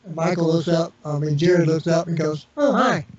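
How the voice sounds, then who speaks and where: The speaker is a male interview guest with a fairly high, flat and brisk delivery. His casual storytelling wanders, full of fillers and restarts, and he voices the people in his anecdotes. Crowd noise fills the echoey, distant, muffled internet radio recording.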